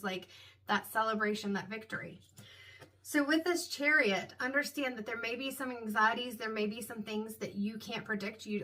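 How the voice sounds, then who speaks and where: Woman tarot reader, slightly high, bright tone, rambling reflective delivery. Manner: meandering, reflective, with frequent "like" and "um". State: hiccups. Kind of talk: casual spoken tarot reading.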